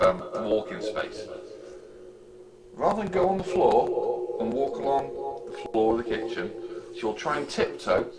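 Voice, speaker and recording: A man's voice: medium pitch, rough recording. Sweary man telling stories. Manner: sweary, laughing storyteller. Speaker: live stream participant. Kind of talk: casual chat.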